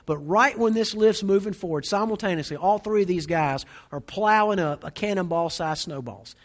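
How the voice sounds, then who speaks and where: A man in his forties, a pastor preaching a sermon, telling a humorous story in an animated way. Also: sits high, normal speed. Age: 40s.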